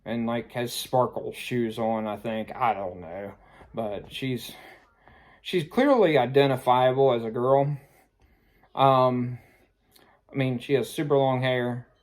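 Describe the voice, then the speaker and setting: A man's voice: medium pitch, slow, long pauses. A man casually telling a personal story, rambling and sheepish, filling his talk with "like" and "I mean.". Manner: self-conscious, sheepish.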